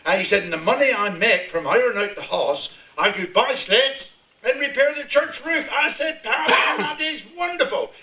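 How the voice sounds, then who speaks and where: A man's voice: very high voice, animated, moderate pace. An older man with a broad West Country accent, telling a humorous rural story with chuckles to a live audience. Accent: West Country English. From Devon, England. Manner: broad rural yarn-spinning, chuckling as he tells it. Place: village hall, live audience. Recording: echoey hall, distant mic, dull sound.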